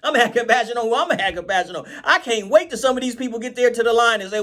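A man preaching an informal Bible study with animated delivery. He keeps repeating phrases, asks his listeners "right?" and slows down when he reads scripture. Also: extremely high pitch.

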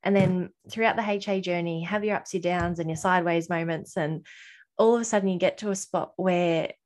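A woman's voice: lowish voice, fairly even intonation, a little fast, a little mellow. A woman talking earnestly in a podcast conversation, reflective and personal, voicing her past inner thoughts as quotes.

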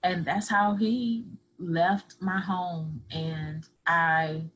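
A woman on a podcast telling a personal story in an earnest voice that sits a little low. She acts out what each person said as she goes. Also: fairly even intonation, drawn-out words, fairly bright tone, rough recording. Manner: earnest, acts out others' words in dialogue. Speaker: podcast guest.

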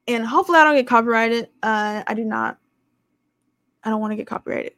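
Young woman host, raspy fry in a slightly high voice, chatty and rambling, dry close sound. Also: moderate pace, fairly bright tone, dry recording. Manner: conversational, rambling, with many fillers. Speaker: podcast host. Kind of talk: casual faith testimony.

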